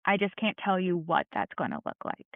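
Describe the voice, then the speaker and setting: A woman's voice: lowish voice, lively intonation, a little fast, gravelly, no room sound. A woman speaking as a podcast guest, earnest and encouraging in a candid, heartfelt conversation. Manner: earnest, encouraging, plain-spoken. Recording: tinny phone-like line, dry.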